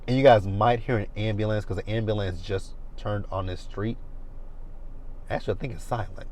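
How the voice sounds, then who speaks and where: A man's voice: on the low side, steady tone, moderate pace, a little mellow, a little hiss or hum, rough recording. A man in his thirties giving a blunt, profane casual recap of a reality TV episode from his car. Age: 30s. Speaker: reality TV reviewer. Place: parked car.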